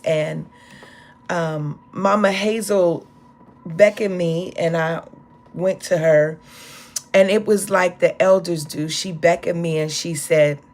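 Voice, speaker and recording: A woman preaching a sermon, telling a story and rising into impassioned, high exclamations. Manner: speaks of the Spirit, call-and-response.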